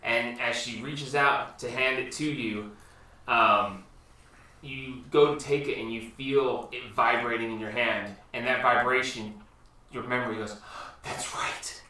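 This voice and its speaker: Game master, male, dramatic storyteller, bright tone, recorded in an echoey home room from across it. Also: medium pitch, fairly even intonation, a little slow. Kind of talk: narrating a tabletop game. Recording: echoey room, distant mic, faint noise.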